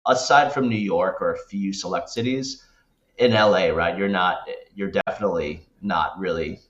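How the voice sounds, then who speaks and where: A man's voice: low-pitched, a bit bright. A man guest on a podcast, talking casually and rambling, with many restarts and tag questions. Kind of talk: casual interview talk. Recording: echoey, dull lo-fi sound.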